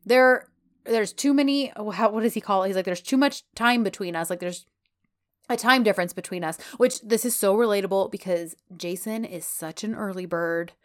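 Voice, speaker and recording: A woman's voice: medium pitch, normal speed. A woman co-hosting a casual recap chat, retelling scenes and quoting characters with lots of "like". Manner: chatty storyteller, quotes characters, lots of "like". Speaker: podcast co-host recapping a TV drama.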